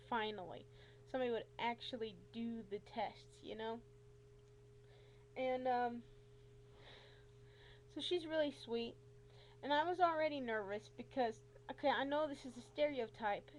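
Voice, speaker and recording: A woman with a high voice talks straight to camera in a casual vlog. Her retelling is animated and exasperated, full of asides and quoted back-and-forth. A faint hum sits under her voice. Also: rough recording. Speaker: vlogger.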